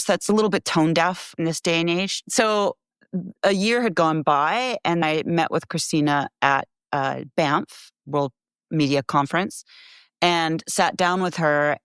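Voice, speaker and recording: A woman's voice: sits low, clean tone, no echo, studio quality. A woman filmmaker, a guest on a podcast, telling stories in a casual chat and laughing often.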